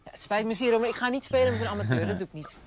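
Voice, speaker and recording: A woman's voice: fairly high pitch, lively intonation, very fast, lightly acted. A woman playing a haughty actress in a scene clip, speaking in a curt, dismissive way.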